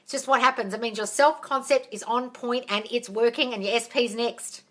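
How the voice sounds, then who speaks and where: A woman's voice: a little high, fairly even intonation, normal speed. A woman hosting a casual live question-and-answer session as a manifesting coach, blunt and profane, calling listeners darling. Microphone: phone.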